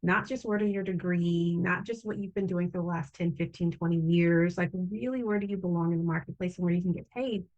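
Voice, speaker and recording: A woman's voice: fairly low pitch, steady tone, brisk, hardly any pauses, a little mellow. Woman host, supportive, interviewing a guest, slightly muffled video-call sound. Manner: supportive, frequent short affirmations. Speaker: summit host, program founder. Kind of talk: interview chat.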